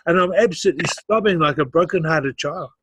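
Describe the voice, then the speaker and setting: A man's voice: fairly high pitch, quick pace, a bit bright, breathy edge, dry recording. A middle-aged man, a guest in a casual interview, telling his life story with animation, acting out the voices of others and laughing often.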